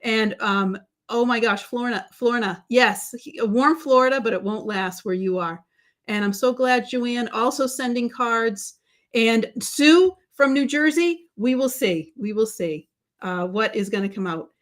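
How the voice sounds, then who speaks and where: A woman's voice: on the high side, a little slow. A middle-aged woman hosting a live craft stream, chatting casually and greeting viewers by name, with many fillers and restarts. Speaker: livestream host.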